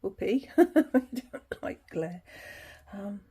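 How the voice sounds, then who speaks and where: A woman's voice: mid-range voice, slow, dark tone, breathy edge. A woman hosting her tarot channel, chatting casually through an unboxing, laughing easily and reading passages aloud.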